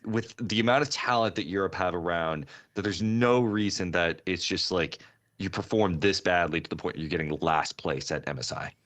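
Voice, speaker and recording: A man co-hosting an esports podcast, talking in a rambling, animated way with sudden jumps in pitch. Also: normal speed. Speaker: podcast co-host. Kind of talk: casual esports chat.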